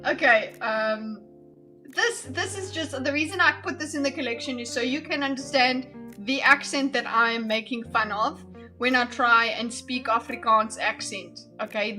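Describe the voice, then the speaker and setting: A woman's voice: a little high, moderate pace, pushed and bright, faint music behind. A woman chatting casually as she reacts to clips on a live stream, giggly and easily amused.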